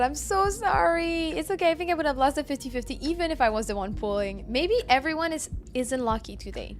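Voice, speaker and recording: A woman streaming a game, chatting casually with viewers, apologetic and laughing often. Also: a little high. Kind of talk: casual live-stream chat.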